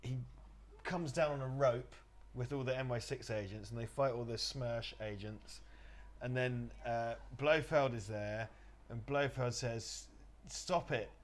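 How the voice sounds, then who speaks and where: A man's voice: mid-range voice, fairly even intonation, measured pace. A man co-hosting a casual livestream, joking and giggling as he riffs on a film. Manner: giggly, jokey, hums a spy theme jingle. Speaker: co-host riffing on a film.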